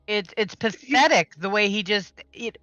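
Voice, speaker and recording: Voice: mid-range voice, normal speed, bright, forceful tone, no echo, dull audio, soft background music. A speaker in a casual online voice chat who talks scornfully about someone. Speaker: voice chat participant. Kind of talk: casual discussion.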